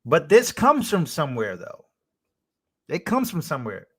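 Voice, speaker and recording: A man's voice: fairly high pitch, huge pitch swings, moderate pace, breathy edge. A young man hosting a live stream, chatting casually, reading out chat messages and thanking donors.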